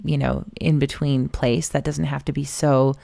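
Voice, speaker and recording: A woman co-hosting a podcast, chatting casually and telling stories in an animated way. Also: very deep voice, normal speed, vocal fry, dry recording. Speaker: podcast co-host. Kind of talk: casual chat.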